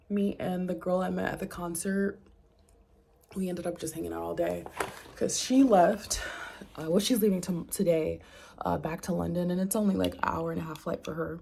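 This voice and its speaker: Gravelly-voiced New woman vlogging. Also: lowish voice, dark tone. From New Orleans, USA. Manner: chatty and rambling, with frequent laughs and self-corrections. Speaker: flight attendant vlogger. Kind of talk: casual travel vlog talk to camera.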